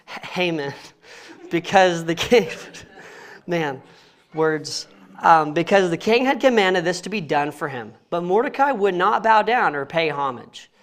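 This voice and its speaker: The speaker, a young Bible study teacher with a slightly high, somewhat bright voice, reads scripture aloud in church. He teaches in a casual way, regularly stumbling on names and laughing at himself.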